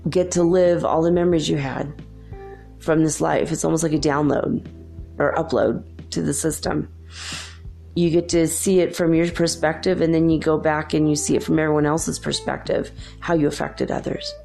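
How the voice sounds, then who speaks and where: Low-voiced woman telling a reassuring spiritual story. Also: creaky, mellow. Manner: earnest and reassuring, many fillers like "like" and "you know". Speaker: podcast host.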